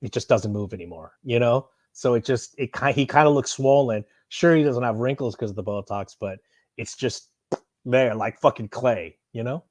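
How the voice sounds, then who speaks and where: A man chatting casually on a live stream while unboxing, excitable and rambling, swearing freely. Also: medium pitch, normal speed, no echo. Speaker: streamer unboxing and answering chat.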